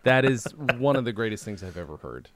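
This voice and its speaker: Animated man hosting a casual podcast. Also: fast talker. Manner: animated, laughing often, swearing freely, big pitch swings. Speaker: podcast host. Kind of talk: casual chat.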